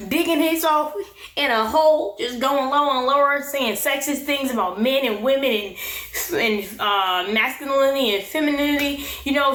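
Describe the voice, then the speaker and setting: Woman, high voice, sassy and animated, echoey room. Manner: animated, sassy, laughs often. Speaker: recap vlogger. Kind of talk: casual reality TV recap. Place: her room.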